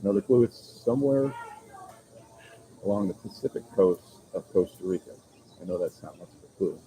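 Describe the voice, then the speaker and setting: A man hosting a casual live stream from an outdoor coastal restaurant, chatting with viewers in a relaxed, rambling way. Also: deep voice, moderate pace, slight background noise, poor audio. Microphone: phone camera.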